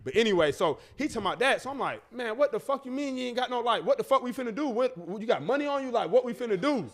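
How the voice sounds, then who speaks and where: High-voiced man telling a profane story. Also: fast. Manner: animated, profane, acts out voices in his story. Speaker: podcast host. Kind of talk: casual storytelling.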